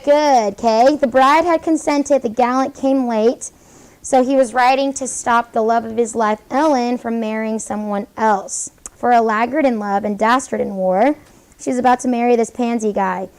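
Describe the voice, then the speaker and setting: A woman teaching a high school classroom lesson, her voice sitting a little high with a gravelly, creaky texture. She moves briskly through the material, praising answers and firing questions at the class. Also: fairly even intonation, a little mellow, rough recording. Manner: brisk, encouraging, questioning students.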